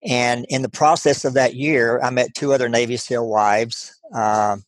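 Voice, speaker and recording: A man's voice: medium pitch, steady tone, no room sound. Earnest Texan man, dry sound. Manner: halting, earnest, many restarts and fillers. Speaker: guest. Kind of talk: storytelling interview.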